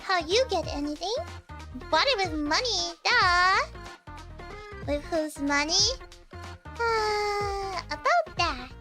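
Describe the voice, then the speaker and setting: A woman's voice: very high voice, animated, takes it slowly, long pauses, full character voice. A woman voicing a mischievous, bratty teenage schoolgirl who teases and whines in a giggly way. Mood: cheeky. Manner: teasing, whiny, giggly. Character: mischievous bratty teen schoolgirl, cheeky and carefree. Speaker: streamer reading game dialogue. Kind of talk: voicing game story dialogue. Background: background music.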